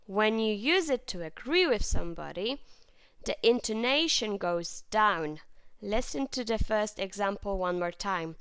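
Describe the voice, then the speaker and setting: A woman teaching English grammar in a clear, patient way, with lively intonation and plenty of example sentences. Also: mid-range voice, unhurried, no echo. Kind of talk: grammar lesson.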